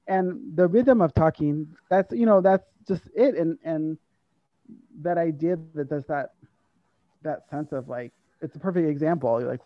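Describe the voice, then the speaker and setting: A woman's voice: low-pitched, moderate pace, dry recording, highs cut off. A woman telling stories in an interview, speaking with animation and acting out the dialogue. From United States. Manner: animated, acts out quoted dialogue, laughs often. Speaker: interview guest, university staff. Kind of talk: conversational storytelling.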